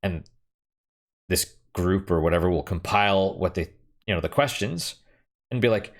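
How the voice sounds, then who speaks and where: Man, very deep voice, casual gaming chat, rambling, blunt, swears now and then. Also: moderate pace, long pauses. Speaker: gaming streamer. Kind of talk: casual chat while playing a game.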